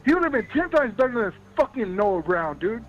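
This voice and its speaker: A man's voice: extremely high pitch, big pitch swings, a little fast, lo-fi sound, over music. A man calling in to a sports show, ranting angrily, cursing constantly and repeating himself. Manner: yelling, profane, repeats himself. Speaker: caller. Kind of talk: angry call-in rant.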